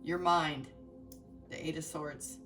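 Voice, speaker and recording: A woman's voice: sits low, fairly even intonation, takes it slowly, fairly bright tone, distant mic, soft background music. A woman giving a heartfelt, emotional tarot reading, speaking straight to her viewers with many fillers and restarts. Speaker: tarot reader.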